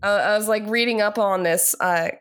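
A woman's voice: medium pitch, normal speed, a bit bright. A young woman co-hosting a podcast in casual chat, laughing often and talking with fillers. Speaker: podcast co-host.

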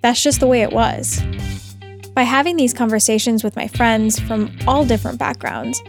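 A woman who hosts a podcast and works as a cook, narrating in a measured, reflective way. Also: on the high side, steady tone, faint music behind.

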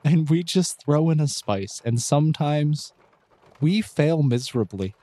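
Rambling folksy companion, voiced by a man, lively pitch, dry close recording. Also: measured pace, dry recording. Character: rambling male companion who makes clumsy baking analogies.

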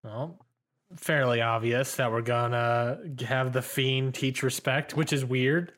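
A man's voice: medium pitch, fairly even intonation, slow, a bit bright. Rambling, teasing male podcast co-host. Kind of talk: casual chat.

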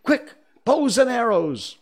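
Guy doing simple excited little boys all shouting at once, high and eager. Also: measured pace, breathy edge. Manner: crying out together.

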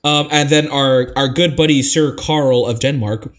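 A man's voice: mid-range voice, a little slow, a bit bright. Male podcast host running the segments. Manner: friendly, reads listener comments aloud, keeps the show moving. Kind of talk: casual chat.

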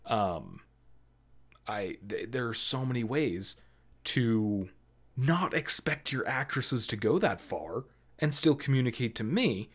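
A man with a medium-pitched, slightly rough voice takes his time co-hosting a movie review podcast, his intonation lively. The conversation is rambling and casual, with many restarts and plenty of likes and ums.

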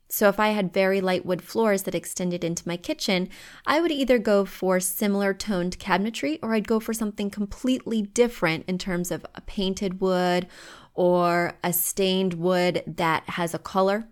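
A woman hosting a home-decor advice podcast from home, chatty and emphatic with firm opinions. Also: fairly low pitch. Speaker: podcast host.

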